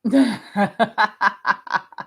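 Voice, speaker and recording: A middle-aged Scottish woman hosting a casual livestream, chatting and reading viewer comments, telling stories in a chatty, animated way while she has a lingering cough. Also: mid-range voice, very slow, creaky, husky. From Scotland. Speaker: livestream host.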